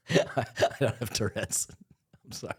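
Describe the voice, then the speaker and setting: A man's voice: medium pitch, husky. A man co-hosting a podcast, telling stories in casual chat, swearing a lot, laughing, and doing impressions. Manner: profane, laughing storyteller with lively impressions. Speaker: podcast co-host.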